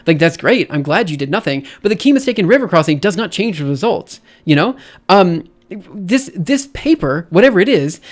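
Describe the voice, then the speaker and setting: A man's voice: a little high, lively intonation, a little fast. A man streaming, reading a research paper aloud and ranting about it in an exasperated voice that keeps repeating and restarting itself. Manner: exasperated, repetitive, restarts often. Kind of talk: casual ranting commentary.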